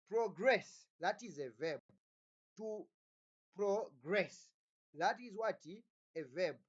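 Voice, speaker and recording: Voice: medium pitch, darkish tone. A teacher giving a recorded phonology lecture, often asking the class "what?" and repeating words while restarting sentences. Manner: keeps asking the class "what?" and "Are we together?". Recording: dull lo-fi recording.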